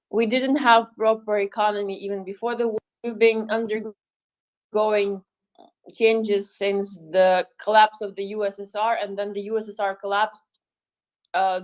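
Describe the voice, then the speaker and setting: A woman's voice: mid-range voice, darkish tone, poor audio. Woman talking with many fillers. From Ukraine. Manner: thoughtful, many fillers and restarts, dry humor. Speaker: volunteer speaker. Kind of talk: casual chat in a live audio room.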